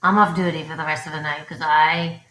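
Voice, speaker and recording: A woman's voice: low voice, level tone, brisk, fairly bright tone, slight background noise. A woman co-hosting a casual couple's vlog at home, chatty and teasing while feeling sick. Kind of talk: casual live chat. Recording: roomy echo.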